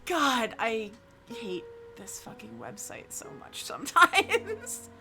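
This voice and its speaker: A woman's voice: on the high side, huge pitch swings, takes it slowly, pushed and bright, faint music behind. A woman from New Jersey streaming live in a casual chat, cursing often and restarting her sentences. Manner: frustrated, swears freely, lots of restarts.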